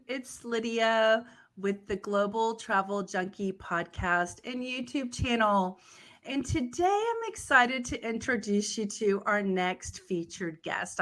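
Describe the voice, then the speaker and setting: A woman's voice: a little high, fairly bright tone. A woman hosting a travel podcast interview, upbeat and chatty, laughing easily. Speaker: podcast host.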